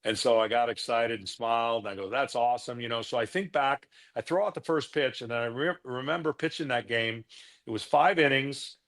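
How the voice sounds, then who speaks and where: A middle-aged man recounting his baseball career at an easy, conversational pace. His pitch sits in a typical male range, and he slips into quick impressions of the people in his stories. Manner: relaxed, anecdotal, acts out quoted voices. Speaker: former pitcher, guest. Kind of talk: casual storytelling interview.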